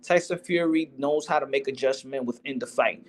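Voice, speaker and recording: A man's voice: mid-range voice, normal speed. Slangy man chatting about boxing. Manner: slangy, loose street talk. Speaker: boxing podcast host. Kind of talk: casual chat.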